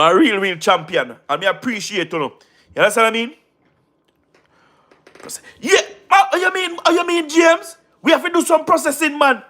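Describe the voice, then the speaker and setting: A Jamaican man with a very high, bright voice, chatting on a casual livestream. He talks emphatically, repeats his points and keeps checking that you understand. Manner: repetitive, emphatic, keeps asking "you understand what I mean?". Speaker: livestream host.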